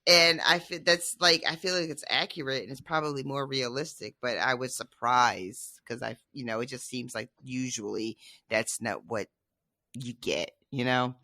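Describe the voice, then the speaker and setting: Gravelly, bright-voiced laughing woman. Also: a bass voice, normal speed, no echo, studio quality. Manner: laughs often, animated and emphatic. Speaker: podcast co-host. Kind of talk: casual book-discussion chat.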